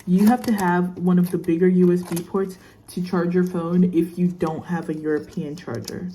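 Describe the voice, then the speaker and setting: Chatty young woman, low-pitched and mellow. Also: flat delivery, moderate pace, slight background noise. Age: young adult. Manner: chatty and rambling, with many fillers. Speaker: student vlogger. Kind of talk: casual unboxing vlog chat.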